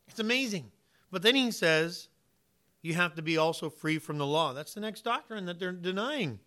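A man preaching a sermon, emphatic, swinging from quiet asides to loud, punchy points and acting out imagined conversations. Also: sits high, lively intonation, normal speed. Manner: uses vivid hypotheticals and plays out imagined dialogue. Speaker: pastor.

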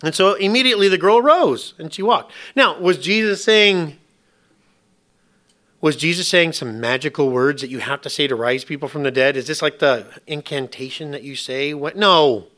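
A man preaching a sermon in an animated, conversational way, full of rhetorical questions and humor. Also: fairly high pitch, normal speed. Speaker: pastor.

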